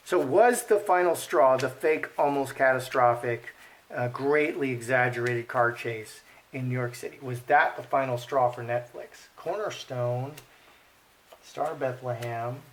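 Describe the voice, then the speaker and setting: A man's voice: medium pitch, a little slow, slight background noise. A man giving casual commentary while reading cards, thinking aloud, repeating himself and murmuring the card names. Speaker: card reader.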